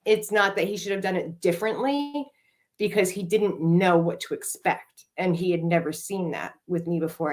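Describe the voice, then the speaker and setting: A middle-aged woman co-hosting a podcast, telling a candid, emotional recovery story with plenty of swearing and filler words. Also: lowish voice. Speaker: podcast co-host.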